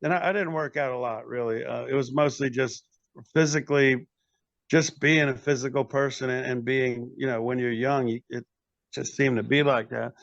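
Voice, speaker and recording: A man's voice: mid-range voice, steady tone, normal speed, creaky, fairly bright tone, no echo, highs cut off. An older man, a metal band frontman and podcast guest, telling long rambling stories in casual chat, often acting out what others said. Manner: rambling anecdotes with acted quotes and restarts.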